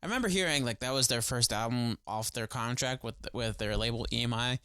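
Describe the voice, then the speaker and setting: A man's voice: medium pitch, fast talker, sharp tone, clean tone, no room sound, clean studio sound. A young man co-hosting a podcast in casual chat, enthusiastic, swearing freely and saying "like" a lot. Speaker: podcast co-host.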